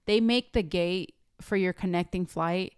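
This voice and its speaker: Blunt, sassy woman with a smooth voice. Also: on the low side, measured pace, darkish tone, no room sound, studio quality. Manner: blunt, sassy storyteller who curses freely. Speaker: podcast co-host. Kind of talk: casual podcast chat.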